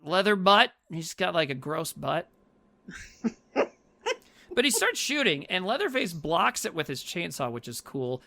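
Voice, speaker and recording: A man's voice: sits high, big pitch swings, a little slow, creaky, long pauses, bright, forceful tone. A man co-hosting a podcast, recapping a horror movie in casual, swearing, rambling chat. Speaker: podcast co-host.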